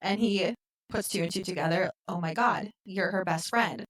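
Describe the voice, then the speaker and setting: A woman co-hosting a podcast, retelling a film in casual chat and acting out the characters' lines with lively swings. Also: medium pitch, normal speed. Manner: animated retelling, acts out quotes. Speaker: podcast co-host. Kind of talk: casual movie recap chat.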